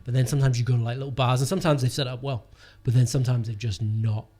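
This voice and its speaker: A man's voice: medium pitch, steady tone, very fast, warm tone. A young man, telling a rambling, sweary comedy-gig story in casual podcast chat. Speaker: comedian guest.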